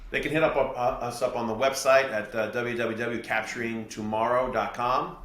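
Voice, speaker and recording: A middle-aged man from New Jersey, a podcast guest and real estate investor, explaining his ideas through steady anecdotes. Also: mid-range voice, moderate pace. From New Jersey, USA. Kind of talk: podcast interview storytelling. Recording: echoey room.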